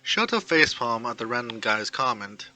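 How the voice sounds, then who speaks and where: A man's voice: medium pitch, lively intonation, normal speed, bright, forceful tone, soft background music, poor audio. A man narrating a fan story, reading out every character's lines himself. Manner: reads all characters himself.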